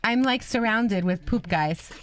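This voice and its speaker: A woman's voice: fairly high pitch, a little hiss or hum. A woman co-hosting a radio show, bantering in a playful, teasing way. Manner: playful, teasing, quick to laugh along.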